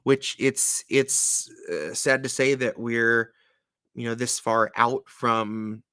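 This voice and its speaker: A man's voice: medium pitch, steady tone, slow pace, sharp tone, smooth, dry recording, clean studio sound. A man co-hosting a casual chat, laid-back and self-mocking, with many fillers. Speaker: musician co-host.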